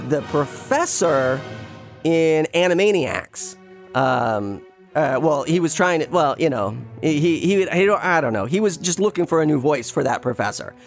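Rambling man telling stories, music faint. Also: fairly high pitch. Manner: rambling, animated, jumps into quick impressions. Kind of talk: casual storytelling chat.

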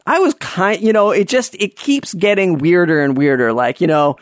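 A man's voice: sits high, normal speed, dry recording, studio quality. A man casually telling an anecdote, rambling with lots of fillers and restarts.

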